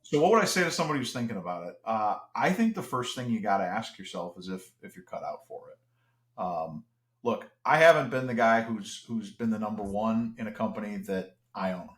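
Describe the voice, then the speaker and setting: A man's voice: on the low side, lively intonation, brisk. Reflective man in a roomy space. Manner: earnest, reflective, with many restarts. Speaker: interview guest. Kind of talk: casual podcast conversation.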